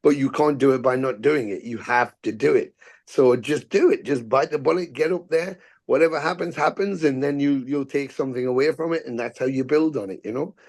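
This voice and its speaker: A man's voice: medium pitch, a little fast. Swearing storyteller, middle-aged man. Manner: animated storyteller, swears freely, acts out quotes. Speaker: podcast guest, musician and actor. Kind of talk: casual storytelling interview.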